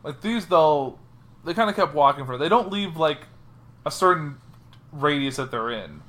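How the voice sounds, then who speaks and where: A man's voice: on the high side, moderate pace. A young man co-hosting a podcast in casual chat, recounting a trip and acting out his own remarks. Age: young adult. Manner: animated, acts out what he said in the moment. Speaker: podcast co-host.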